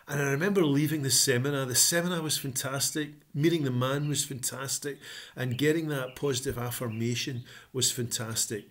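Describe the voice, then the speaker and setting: A man's voice: medium pitch, steady tone, brisk. A man talking casually to camera as a motivational vlogger, upbeat and encouraging, with frequent ums.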